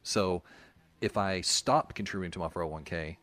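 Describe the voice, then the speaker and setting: Deep-voiced man in his thirties. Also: normal speed, a bit bright. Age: 30s. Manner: rambling storyteller, explains things patiently. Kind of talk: casual chat.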